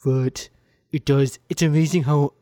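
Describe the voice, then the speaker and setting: A man's voice: a little high, steady tone, unhurried, dark tone, no echo, clean studio sound. A man co-hosting a comedy podcast, talking casually and animatedly, explaining things and joking at his own expense. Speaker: podcast co-host.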